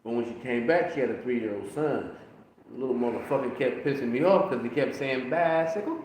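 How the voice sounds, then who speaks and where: A man's voice: brisk, darkish tone, a little hiss or hum. A father co-hosting a podcast, telling family stories in casual chat and mimicking voices with laughter. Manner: storytelling, squeaks high when mimicking and laughing. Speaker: podcast co-host. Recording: very echoey room with faint ambience.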